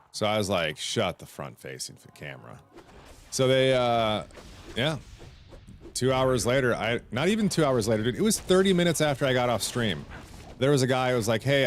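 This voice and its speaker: A man streaming casually, telling a long story and acting out both sides of his phone calls. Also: on the low side. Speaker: Twitch streamer.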